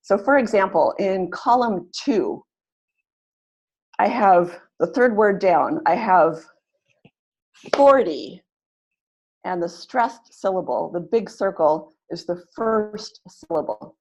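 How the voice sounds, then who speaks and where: A webinar facilitator for language teachers talks slowly in a darkish, middle-pitched voice through a computer mic, and the recording sounds muffled. Clear and encouraging, she draws out and stresses the key syllables of the words she models.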